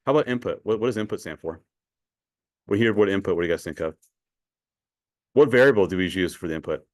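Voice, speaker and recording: A man's voice: low voice, fast, darkish tone, no room sound, studio quality. A man teaching a math class in a conversational way, asking students questions and often repeating words. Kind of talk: classroom lecture.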